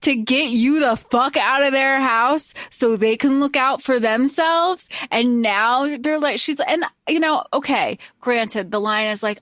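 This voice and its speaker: A woman co-hosts a casual book podcast, blunt and emphatic, with swearing for emphasis. Her voice is high-pitched, and the recording is very dry and close. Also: a little slow, few pauses, a bit bright, no echo. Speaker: podcast co-host.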